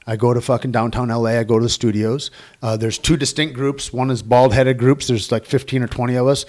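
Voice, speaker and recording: A middle-aged man, a guest actor, telling profane, energetic stories in a casual interview. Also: medium pitch, fairly quick.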